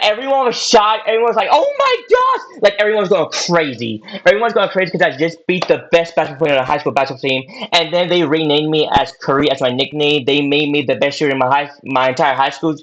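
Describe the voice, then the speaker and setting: A man's voice: fairly high pitch, fast, few pauses, a bit bright. Young male podcast guest, casual rambling storyteller, repeats himself, lo-fi recording. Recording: dull lo-fi audio.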